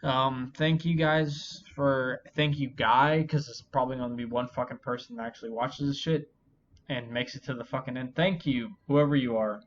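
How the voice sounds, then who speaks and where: A man's voice: mid-range voice, fairly even intonation, normal speed, slight background noise. Man, drunk, swearing constantly, rambling, self-pitying, vlog host, muffled lo-fi audio. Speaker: channel host. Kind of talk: drunken solo commentary. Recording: dull lo-fi recording.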